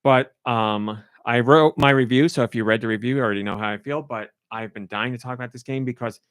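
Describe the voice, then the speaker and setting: A man talking casually on a podcast, medium-pitched and effusive, tripping over himself with "like" and false starts. His voice is dry and close, with no room sound. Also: a little fast, fairly bright tone, clear, resonant tone, dry recording. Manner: rambling and effusive, heavy use of "like". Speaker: podcast co-host and game reviewer.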